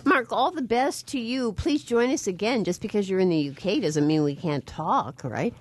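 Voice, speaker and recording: A woman hosting a radio call-in show, briskly moving between callers and guests. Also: mid-range voice, animated, dry recording.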